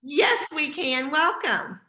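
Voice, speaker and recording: A woman's voice: sits high, animated, slow, pushed and bright, echoey room. A woman hosting a casual team video call, chatty and encouraging with lots of fillers.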